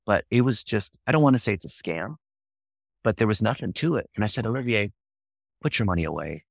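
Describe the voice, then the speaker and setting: A man speaking as a podcast guest, telling marketing stories in an animated, emphatic way. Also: lowish voice, fairly quick, breathy edge, no room sound. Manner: animated, emphatic, jumps into acted quotes. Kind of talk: casual interview storytelling.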